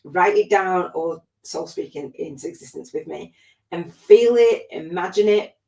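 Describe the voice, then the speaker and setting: A woman's voice: lowish voice, unhurried, darkish tone, reverberant. A woman spiritual life coach hosting a livestream, talking in a gushing, emotional way, laughing often and close to tears. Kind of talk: emotional motivational livestream talk.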